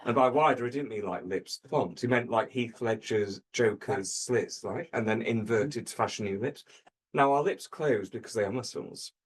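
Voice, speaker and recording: A man on a comedy panel telling an absurd dark tall tale in a dry, deadpan way, with hesitant fillers. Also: lowish voice, normal speed, slightly rough.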